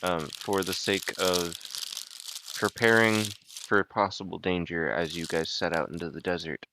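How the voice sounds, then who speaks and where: A man's voice: low voice, fairly even intonation, a little slow, bright, forceful tone, a little hiss or hum. A young man running a tabletop game as game master, narrating in a laid-back way with joking asides.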